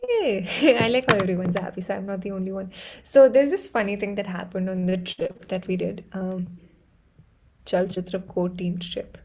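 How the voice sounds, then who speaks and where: A woman with an Indian English accent hosting a live stream, chatting casually and laughing often as she tells excitable stories. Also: mid-range voice, moderate pace, low-quality recording. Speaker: livestream host.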